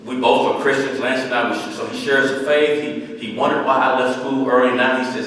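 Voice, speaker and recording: A man's voice: medium pitch, a little fast, fairly bright tone. A man in his fifties giving an earnest storytelling speech as a former police chief, repeating phrases for emphasis. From Dallas, Texas. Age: 50s. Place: large hall, speaking to an audience. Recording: echoey hall from far off.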